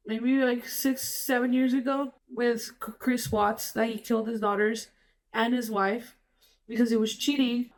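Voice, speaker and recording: Podcast host, woman, a bit high-pitched, loose rambling storyteller who slides between English and Spanish. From Colorado, United States. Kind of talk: casual storytelling chat.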